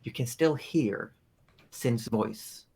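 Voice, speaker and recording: A man's voice: medium pitch, takes it slowly, gravelly, mellow, husky. A man with an Australian accent narrating a tabletop game as game master, describing scenes with lots of fillers. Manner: descriptive, filler-heavy storytelling.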